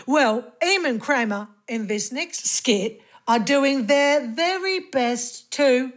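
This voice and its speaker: A woman's voice: high-pitched, lively intonation, slow. A woman playing a cheeky radio host who banters in a comic radio sketch. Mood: chirpy banter.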